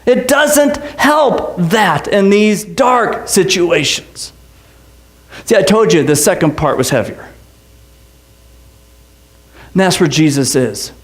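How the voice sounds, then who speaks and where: Man, pastor, sermon, high voice, impassioned, conversational asides. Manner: impassioned preaching, voice climbing high on repeated lines; conversational storytelling with quick asides.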